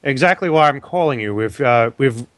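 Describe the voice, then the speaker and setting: A man's voice: medium pitch, animated, moderate pace, no room sound. A man playing his character in a casual tabletop game, joking and crude. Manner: joking, crude, laughing often. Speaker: player. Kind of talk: casual tabletop role-play.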